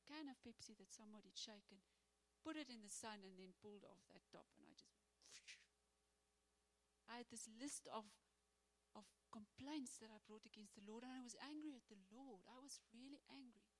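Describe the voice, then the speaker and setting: A woman speaking in church, telling a personal testimony as a sermon with animated storytelling and acted-out prayers. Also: on the high side, slight background noise, low-quality recording.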